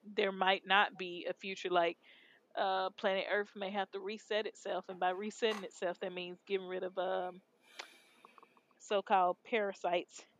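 A woman's voice: medium pitch, flat delivery, moderate pace, fairly bright tone, a little hiss or hum. A woman from Texas co-hosting a podcast, chatting casually and rambling in slangy speech. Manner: rambling, slangy, laid-back. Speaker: podcast co-host. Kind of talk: casual chat.

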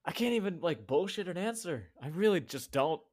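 A man's voice: on the high side, very animated, a little fast, darkish tone. A man co-hosting a podcast, casually rambling about a film and retelling scenes in quoted voices. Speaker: podcast co-host.

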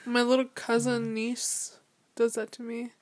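A young woman in relaxed conversation, telling stories with lots of giggles. Her voice sits a little high, and she switches into exaggerated voices for the people she quotes. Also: unhurried. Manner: giggly, animated storyteller who acts out quotes. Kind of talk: casual chat.

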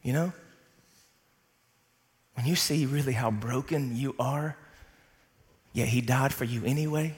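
A man's voice: mid-range voice, a little slow, pauses often, in a large hall. A man preaching a sermon to a congregation, emphatic and calling out for responses. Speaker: pastor.

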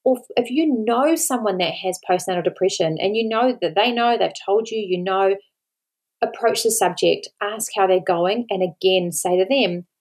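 This Australian mom and podcast host has a mid-range, slightly mellow voice and speaks at a moderate pace. Talking solo, she appeals earnestly to her audience, on the verge of tears, with repeated words for emphasis.

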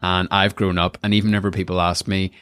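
A young man from Northern Ireland with a Northern Irish accent, hosting a podcast in casual chat, animated and quick to laugh. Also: low voice, clean tone, no echo, clean studio sound. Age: young adult. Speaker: podcast host.

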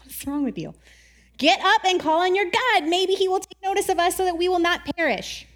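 A woman's voice: very high-pitched, a little fast, voice pushed up. A woman voicing a panicked male ship captain who urgently pleads with a man he has just woken.

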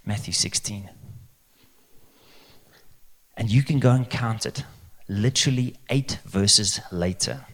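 A man's voice: on the low side, slow, vocal fry, pauses often. A male pastor preaching a conversational sermon, asking rhetorical questions. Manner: lively, conversational, asks the crowd rhetorical questions.

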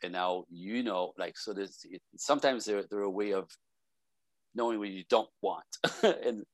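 A very low-voiced man talks on a video call, passionate and rambling, often sighing and restarting his sentences. The sound is close and dry. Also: moderate pace, no room sound. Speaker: podcast guest. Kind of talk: casual advice talk.

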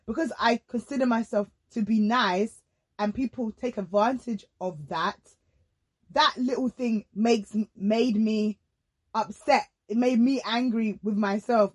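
A woman's voice: fairly high pitch, husky. A woman hosting a casual faith-based podcast chat, speaking in an earnest, reflective way. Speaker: podcast host.

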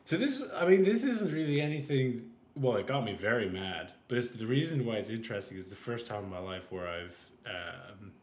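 Male podcast co-host, rambling animated storyteller, echoey room sound. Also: on the low side, fairly quick. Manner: rambling, animated retelling with restarts and acted-out quotes. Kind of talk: casual storytelling chat. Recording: roomy echo.

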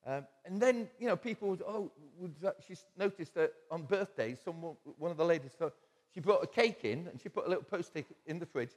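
A man's voice: fairly high pitch, expressive, brisk, a little mellow. A man preaching a sermon in a church, telling stories conversationally with quoted asides and chuckles. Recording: long church-hall reverb.

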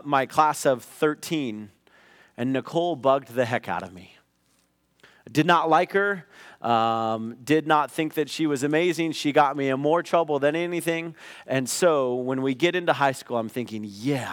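A middle-aged man preaching a sermon, telling a personal story in a conversational way that rises into loud acted outbursts. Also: a little high, dry recording, studio quality. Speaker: pastor.

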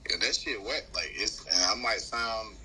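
A man chiming in casually in a relaxed chat. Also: lowish voice, unhurried. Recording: loud background noise.

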